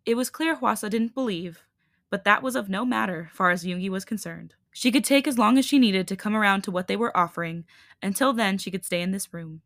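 A woman host narrating a fan fiction story in an even, measured reading. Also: mid-range voice, no echo, studio quality.

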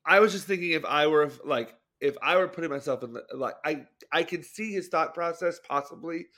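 In a slightly high, sharp-toned voice, a young man co-hosting a podcast talks fairly quickly about movies in a casual way. He keeps hedging, doubting himself, and starting over.

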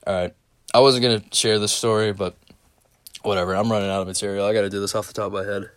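A man's voice: lowish voice, fairly even intonation, fast, no room sound. A tired young man hosting a solo podcast, rambling through tangents and swearing casually. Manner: rambling, profane, tangent-prone. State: tired, yawning. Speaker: podcast host.

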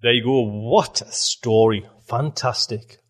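A man's voice: medium pitch, a little slow, faint music behind. A podcast host closing the show in a chatty, enthusiastic way, laughing as he talks. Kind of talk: casual show outro.

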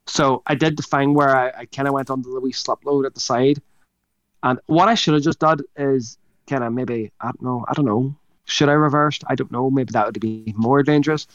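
A man's voice: medium pitch, steady tone, fairly quick, no echo, muffled recording. Sweary man telling a story. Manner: rambling, sweary, laughs mid-sentence. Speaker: podcast co-host. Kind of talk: casual storytelling chat.

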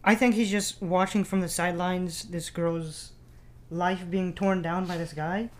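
A young man co-hosting a casual debate podcast, explaining his view in a measured way. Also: high voice, steady tone.

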